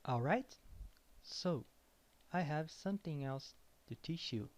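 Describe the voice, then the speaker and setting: Guy teaching sounds, super slow, says every word over and over. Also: on the high side, animated. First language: Portuguese. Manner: slow, repeats each word several times. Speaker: language teacher. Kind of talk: pronunciation lesson.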